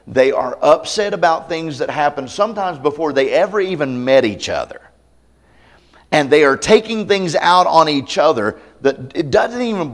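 A man pastor preaching a sermon at a camp meeting, conversational and candid, with self-deprecating humor. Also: on the high side. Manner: conversational, acts out quoted voices.

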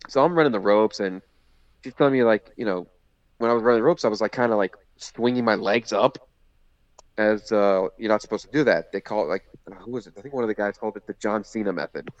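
A man with a lowish voice tells a story in loose, rambling podcast chat, full of "you know" and "like". His voice sounds dry and a little muffled, as if through a dull lo-fi recording. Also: fast, no echo. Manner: rambling, many fillers and restarts. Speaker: podcast guest, former indie wrestler. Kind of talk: casual storytelling. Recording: slightly muffled lo-fi audio.

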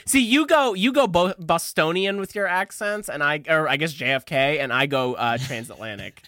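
An easygoing young man co-hosting a podcast, trailing off mid-thought and laughing often. His voice is bright with a lively, wide-ranging melody. The sound is dry and close. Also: a little high, normal speed, dry recording. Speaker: podcast co-host. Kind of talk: casual podcast chat.

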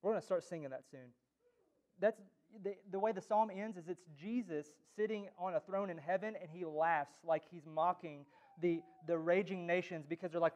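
A pastor preaching a sermon in church, joking and teasing, with sudden loud jabs. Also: male voice, high voice, lo-fi sound.

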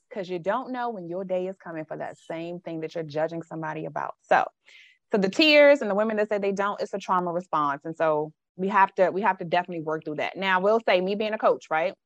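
A woman's voice: fairly low pitch, animated, a little fast, dry recording, dull audio. A woman life coach, talking frankly and emphatically in a casual podcast chat. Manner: frank, emphatic, slips into dialect and quoted voices.

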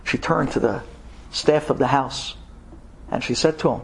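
A man telling a dramatic story, swinging from hushed tones to loud outbursts. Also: medium pitch, moderate pace, creaky, husky. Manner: animated, shifting from hushed to shouted.

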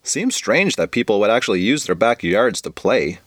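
A man's voice: on the low side, sing-song, moderate pace, no room sound, clean studio sound. A man narrating a goofy children's story in a playful, comic manner. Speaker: podcast storyteller.

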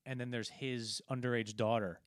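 Man, casual film talk, rambling retelling, mid pitch, dry close mic. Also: fairly even intonation, normal speed, clear, resonant tone, dry recording. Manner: rambling, retells scenes with quoted lines. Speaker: podcast co-host.

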